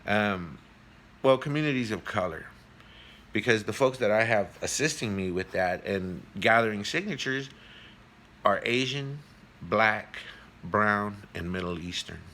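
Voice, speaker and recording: A man's voice: lowish voice, animated, unhurried, pushed and bright. A man hosting an earnest, preachy monologue, telling a moral parable. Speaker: host.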